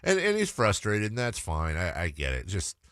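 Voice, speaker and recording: An opinionated male sports radio host with a lowish voice that swings widely in pitch. He thinks aloud on a dry, close studio mic. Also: wildly swooping pitch, normal speed, a bit bright, smooth, no echo.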